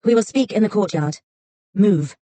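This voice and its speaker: A woman voicing a proud princess and warrior mother who speaks calmly, curtly and commandingly, in an audiobook. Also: mid-range voice, normal speed, no echo, voice pushed up, lightly acted. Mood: cold. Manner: calm, curt, commanding.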